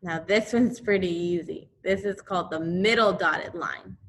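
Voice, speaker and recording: A woman teaching a second grade class remotely, slowly repeating drills for the children. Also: lowish voice, slight background noise.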